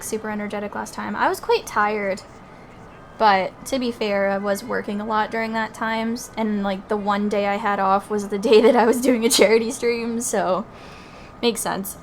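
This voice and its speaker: A woman's voice: mid-range voice, fairly even intonation, moderate pace, faint music behind. Chatty woman streamer, self-deprecating. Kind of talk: casual gaming commentary.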